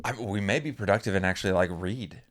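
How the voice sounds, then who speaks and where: A man's voice: sits low, fast talker. A man co-hosting a casual podcast at home, rambling with lots of "like" and "um". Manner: rambling, hesitant, full of "like" and "um". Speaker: podcast co-host. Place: room at home. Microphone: mic on a stand.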